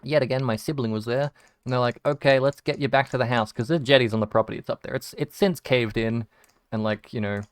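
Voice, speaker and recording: A young Australian man rambles through casual stories, swearing and restarting his sentences as he goes. His voice is smooth and clear, recorded close and dry with no room sound. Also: mid-range voice, fairly even intonation, fast talker, no room sound. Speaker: video game streamer. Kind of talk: casual storytelling while gaming.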